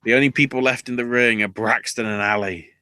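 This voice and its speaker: A man hosting a podcast, recapping wrestling in an animated, profane storytelling way. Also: medium pitch, fairly quick, smooth, no echo. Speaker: podcast host.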